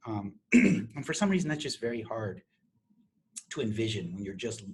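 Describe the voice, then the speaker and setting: A middle-aged man lecturing on chemistry to a university class. He explains step by step, restarting phrases and clearing his throat often. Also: lowish voice, very animated, normal speed, slight background noise. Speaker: chemistry professor.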